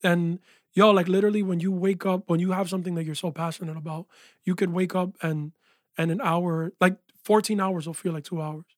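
A man, a music producer and engineer, telling his story in a casual interview with animated energy, saying "yo" and "like" a lot. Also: high-pitched, a little fast, no room sound, clean studio sound. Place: small recording studio.

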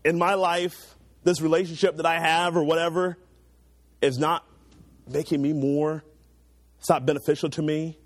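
Preaching a sermon to teenagers, a young man speaks at a moderate pace with a flat delivery and frequent pauses. He is earnest and urging, swelling loud before falling to hushed, low asides, and the recording is dry.

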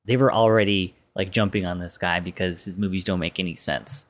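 A man's voice: deep voice, fairly even intonation, brisk. A man co-hosting a podcast, chatting casually and rambling with hedges and fillers. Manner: rambling, hedging, lots of fillers. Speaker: podcast co-host.

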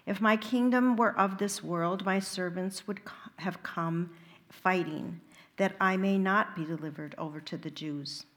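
Calm man on trial read by a woman, liturgical Gospel reading, measured, slow. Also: mid-range voice, close to an everyday voice. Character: calm male teacher under trial.

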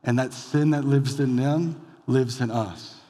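A male pastor preaching a conversational sermon, rising to loud emphatic bursts and dropping to quiet lines. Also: mid-range voice, measured pace, big-room sound. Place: church sanctuary.

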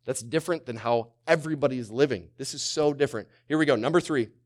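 A male pastor preaching a sermon, swinging from loud to hushed, firing rhetorical questions and calling on the congregation to answer. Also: medium pitch, quick pace. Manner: asks many rhetorical questions.

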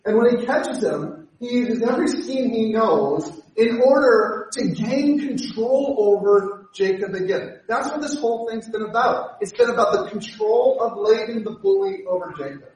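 Animated preacher in an echoey hall. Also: male voice, high voice, normal speed, few pauses, recorded from a distance. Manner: animated, acts out quoted voices. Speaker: pastor. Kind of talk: sermon.

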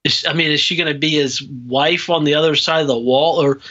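A man's voice: a little high, fairly even intonation, a little fast, sharp tone. A man co-hosting a podcast in casual chat, agreeable and full of questions. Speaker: podcast co-host. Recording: dull lo-fi mic.

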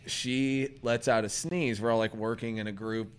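Animated man telling a story. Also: mid-range voice, moderate pace, clear, resonant tone. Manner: animated storyteller, laughs and swears. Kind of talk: casual chat.

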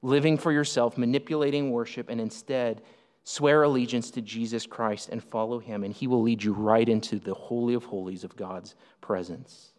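A man preaching a sermon as pastor, animated, acting out the people in the passage he explains. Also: medium pitch, normal speed. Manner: animated, acts out the speakers in the passage. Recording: long hall reverb.

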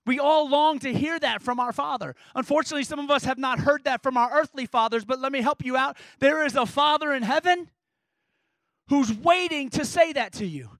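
A man's voice: extremely high pitch, a little fast, a bit bright, no room sound, poor audio. A man preaching a sermon as a pastor, earnest and emphatic, driving points home with repeated rhetorical questions.

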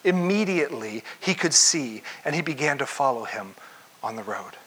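A man preaching a sermon, telling a story with expressive delivery and acting out parts of the scene. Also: mid-range voice, normal speed, slightly rough, rough recording.

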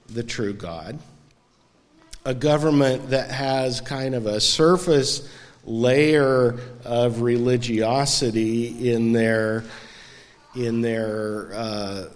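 Male pastor, unhurried and conversational, church sanctuary with long reverb. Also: medium pitch. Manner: conversational, asks the congregation questions. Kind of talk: sermon.

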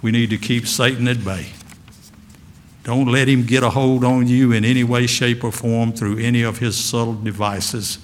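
A male pastor preaches with folksy asides and emphatic declarations. His voice sits at an ordinary middle pitch. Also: level tone, normal speed, in a large hall. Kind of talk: sermon.

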